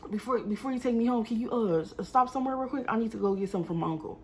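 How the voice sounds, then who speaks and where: A nervous auntie, as a woman puts her on mumbles and stumbles over every word. She keeps her voice low and evasive as she talks. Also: rapid-fire, slight background noise, lightly acted.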